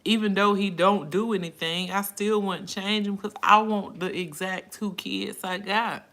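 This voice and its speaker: A woman's voice: mid-range voice, fairly even intonation, a little slow, fairly bright tone. A middle-aged woman hosting a casual live stream from her phone, reading viewers' comments aloud and answering them in an emotional, outspoken way.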